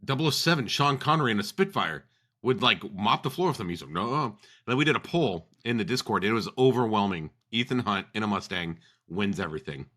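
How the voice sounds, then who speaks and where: A man's voice: fairly low pitch, expressive, fast, pushed and bright. A man co-hosting a podcast, joking playfully in casual banter. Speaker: podcast co-host.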